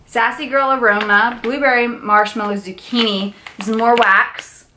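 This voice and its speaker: A woman's voice: a little high, steady tone, moderate pace, pushed and bright, a little hiss or hum. A young woman vlogger unboxing gifts, gushing with squealing exclamations. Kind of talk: unboxing vlog.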